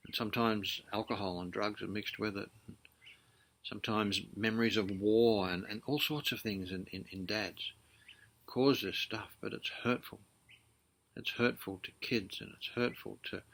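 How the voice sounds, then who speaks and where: A man's voice: fairly low pitch, gravelly, bright, forceful tone. A middle-aged man preaching a sermon in an earnest, conversational way, often restarting his sentences. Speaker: pastor.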